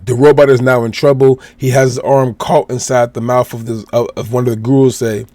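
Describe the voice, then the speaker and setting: A man's voice: medium pitch, level tone, brisk, hardly any pauses, mellow, dry recording. A man from Chicago hosting a podcast, casually retelling a comic chapter step by step and quoting the characters' lines. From Chicago, USA. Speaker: podcast host.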